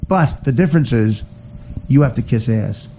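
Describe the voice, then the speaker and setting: Gravelly man on a swearing comic rant. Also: mid-range voice, expressive, moderate pace, a little hiss or hum, low-quality recording. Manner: swearing, laughing at his own jokes; drops to a hushed near-whisper when confessing. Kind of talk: profane comedic rant.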